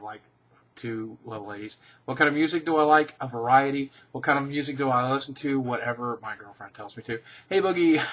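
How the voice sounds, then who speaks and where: A man's voice: medium pitch, a bit bright. A man in a casual vlog, reading viewer questions aloud and answering each one dryly and briefly.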